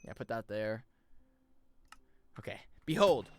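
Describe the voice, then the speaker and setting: Excitable young man streaming a game. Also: slow pace, no echo. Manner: excitable, jumps into loud high yelps and laughs; mutters menu options to himself. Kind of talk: casual gameplay commentary.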